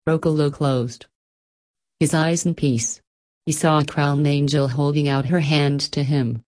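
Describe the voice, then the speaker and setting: A woman reading a storybook aloud with gentle, measured narration. Her voice sits notably low. She keeps the telling unhurried. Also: steady tone.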